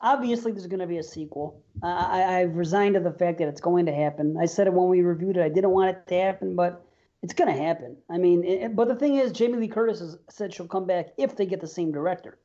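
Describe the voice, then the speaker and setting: A man's voice: high-pitched, quick pace, mellow, lo-fi sound. A man co-hosting a horror podcast in casual chat, rambling, swearing and trailing off mid-thought. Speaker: podcast co-host.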